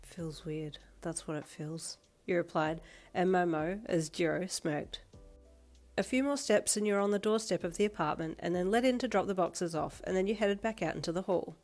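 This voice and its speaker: A woman with an Australian accent reading a fanfiction story aloud in steady, plain narration. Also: lowish voice, moderate pace. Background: faint background music.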